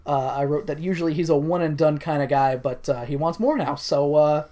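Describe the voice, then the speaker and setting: A man's voice: a little high, brisk, dark tone. A young man talking through a film with his co-host, easygoing and unscripted. He fills his sentences with "uh" and "like" and laughs as he goes. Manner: recaps scenes loosely, acting out the characters' lines; lots of fillers, chuckles mid-sentence. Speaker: podcast co-host. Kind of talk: casual movie discussion.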